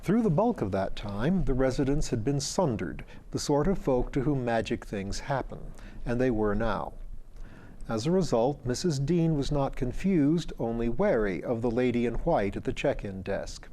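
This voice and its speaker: A man reading a fantasy story aloud in a measured, dryly wry narration. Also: medium pitch, lively intonation, mellow, slight background noise. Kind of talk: audiobook narration.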